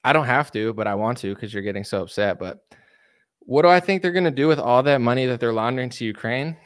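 A man talking off the cuff on a livestream, answering viewers' comments in a loose, filler-packed ramble full of restarts. His voice sits in a middle register and sounds smooth and resonant. It is caught close and dry, with no room echo. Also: medium pitch, animated, quick pace. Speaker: livestream commentator reading chat. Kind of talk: casual political rant.

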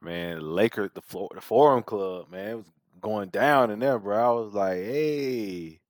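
A man's voice: fairly low pitch, normal speed, dry recording, studio quality. A man co-hosting a podcast, chatting casually about a TV show in a laid-back way, full of slang like "bro" and "man". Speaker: podcast co-host. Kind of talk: casual TV recap chat.

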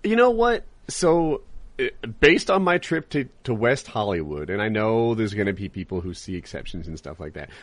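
A man hosting a podcast, talking in a loose and candid way with plenty of restarts. His pitch rises and falls a lot as he goes. The sound is dry, with no room echo. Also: sing-song, moderate pace. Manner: candid, rambling, laughs easily, frequent restarts. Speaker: podcast host and live streamer. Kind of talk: casual chat.

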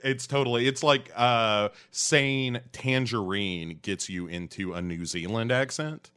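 A man's voice: medium pitch, measured pace, fairly bright tone, clean tone. A man hosting a podcast in casual chat, rambling and joking, often sidetracking himself. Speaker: podcast host.

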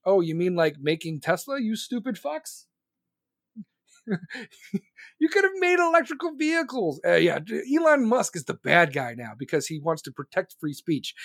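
A furious man with a high voice rants about politics as a podcast host. He swears constantly and fires off angry questions. The sound is close and dry, with no room around it. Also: dry recording. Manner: profane, furious, shouting questions.

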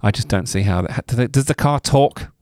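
A man's voice: mid-range voice, fairly quick, darkish tone, dry recording, studio quality. A man co-hosting a comedy podcast, teasing and sarcastic in casual banter, swearing freely. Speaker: podcast co-host.

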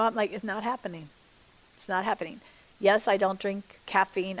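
A middle-aged woman giving a sermon-style personal testimony, acting out the dialogue with lively energy, and dropping to a soft, hushed voice when she quotes her prayers. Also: medium pitch, poor audio. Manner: animated storytelling that acts out the dialogue; chatty, checks in with the listeners. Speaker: Christian speaker.

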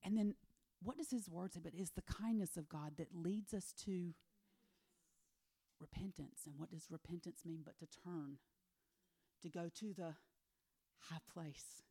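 A woman preaching a sermon, retelling a Bible story with animated voices for the characters and hushed, near-whispered emphasis. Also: on the low side, unhurried, pauses often. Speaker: women's ministry speaker.

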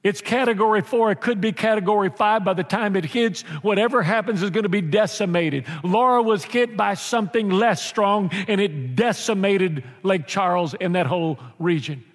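A man preaches with animated, joking energy and slips into little acted voices. His voice sits fairly high for a man. Long reverb from a church hall trails behind him. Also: moderate pace, few pauses. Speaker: pastor. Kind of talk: sermon.

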